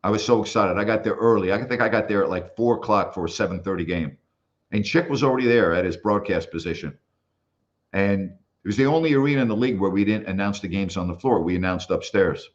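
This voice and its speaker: A fast-talking older man with a fairly low voice, once a basketball broadcaster, recounts stories in a casual interview and acts out each quoted person. The recording's highs are cut off.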